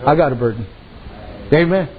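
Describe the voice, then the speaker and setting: A man's voice: on the high side, lively intonation, moderate pace, narrow, tinny audio, crowd noise. A man preaching a sermon as pastor, telling folksy stories and acting out the people in them. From Native American reservation community. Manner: folksy storytelling preacher, acts out voices.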